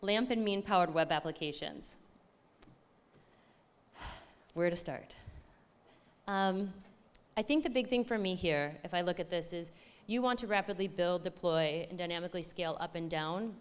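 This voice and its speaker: A woman giving an excited, chatty conference talk, often correcting herself as she goes. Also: fairly low pitch, moderate pace, clean tone. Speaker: conference speaker.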